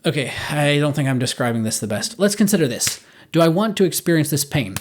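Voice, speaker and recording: Guy doing a philosophy video essay, earnest, thinking out loud, fixes his own wording. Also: a little high, lively intonation, quick pace. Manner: earnest, reasoning aloud, self-correcting. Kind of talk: scripted philosophical monologue.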